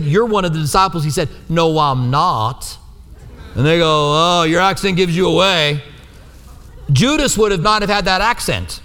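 A high-pitched man with a fairly bright tone preaches to his church in a conversational style. He regularly asks listeners for agreement during the sermon, recorded with long hall reverb.

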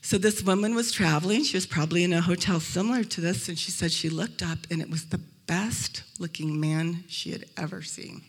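Husky-voiced woman telling funny faith stories. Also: on the low side, fairly quick, hardly any pauses. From Arizona, USA. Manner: lively storytelling, acting out quoted voices. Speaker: speaker at a Christian event. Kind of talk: humorous faith talk to a live audience. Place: event room in a hotel.

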